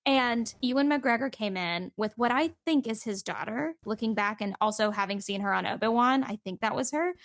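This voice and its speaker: A woman's voice: on the high side, expressive, moderate pace, creaky, hardly any pauses, no room sound. Chatty woman podcast guest, dry sound. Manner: chatty storyteller, many fillers like "like". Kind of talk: casual podcast chat.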